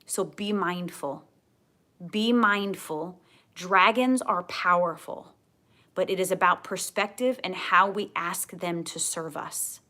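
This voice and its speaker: A woman giving a tarot card reading to camera, gentle and earnest, often repeating her key phrases. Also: lowish voice, a little slow. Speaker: tarot reader.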